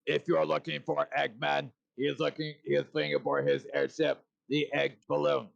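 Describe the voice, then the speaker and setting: A man doing an impression of a brooding, commanding male hedgehog hero in a calm, clipped way. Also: fairly high pitch, normal speed, gravelly, dry recording. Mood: stern. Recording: dull lo-fi call audio.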